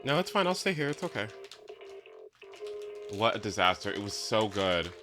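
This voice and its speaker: A man's voice: lowish voice, very animated, moderate pace, music in the background. A man hosting a live stream in casual chat from his home setup, ranting in exasperation with frequent swearing and stammered restarts. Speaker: livestream host.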